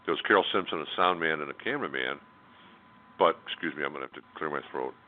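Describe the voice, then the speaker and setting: A man's voice: extremely low pitch, quick pace. A man telling a personal story as a radio interview guest, in a candid, blunt way with many fillers and restarts. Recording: tinny phone line.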